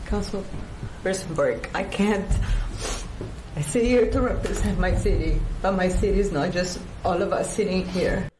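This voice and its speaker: A woman council member speaks haltingly and with emotion at a public meeting. Her voice is somewhat low. The echoey chamber carries clear background noise.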